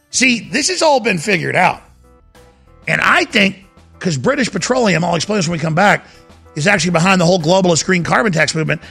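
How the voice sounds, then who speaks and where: A man's voice: high-pitched, vocal fry, pushed and bright. A man hosting a talk radio show, talking in an emphatic, rambling monologue that repeats itself. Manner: emphatic, repetitive, insistent.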